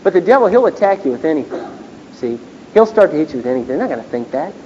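A pastor delivers a chatty, story-driven sermon, slipping into the voices of people he talks about. His voice is mellow and dark. The recording is dull and lo-fi with a faint hiss behind it. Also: fairly high pitch, big pitch swings, fast. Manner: conversational, storytelling, acts out dialogue.

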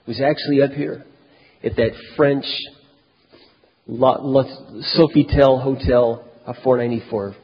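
A man preaching, telling a personal story in a lively, conversational way that swings from loud to very quiet. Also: medium pitch, slightly rough. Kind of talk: sermon storytelling. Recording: dull echoey hall recording.

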